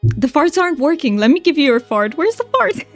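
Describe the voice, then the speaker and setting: A woman's voice: sits high, sing-song, moderate pace, soft background music. Giggly, chatty woman streamer. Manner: giggly, laughs often between lines; chatty, thanking viewers. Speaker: game streamer. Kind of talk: casual livestream chat.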